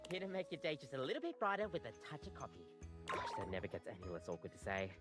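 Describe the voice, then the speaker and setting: A woman's voice: rumbling low, very animated, quick pace, loud music behind the voice. A woman voicing a nervous, cheerful female coffee maker barista with an Australian accent in a video game, upbeat and a little jittery. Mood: bubbly. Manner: bubbly, jittery, upbeat service patter.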